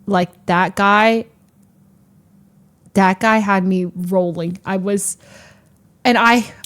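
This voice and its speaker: A young woman streamer in casual storytelling chat, animated, laughing often and acting out the people she quotes. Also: mid-range voice, extremely slow.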